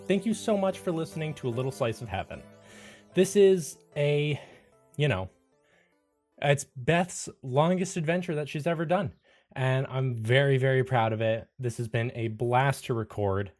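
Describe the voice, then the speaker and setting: A man's voice: medium pitch, darkish tone. A man talking casually through a podcast break, chatty and a bit rambling. Faint music sits behind his voice. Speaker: podcast host.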